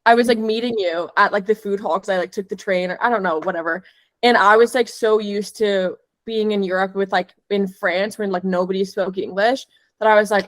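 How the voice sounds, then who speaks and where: A young woman co-hosting a podcast, telling a story and playfully acting out the lines of the people in it. Her pitch sits in an everyday middle range. The recording is dry and close, with no echo. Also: a little fast. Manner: chatty storyteller, acts out quoted lines. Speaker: podcast co-host. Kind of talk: casual podcast chat.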